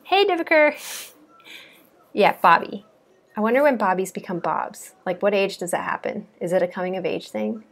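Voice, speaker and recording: A woman's voice: medium pitch, brisk, few pauses. A woman, a coding bootcamp student, chatting casually and giggling as she walks through her project. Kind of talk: casual screen-share walkthrough.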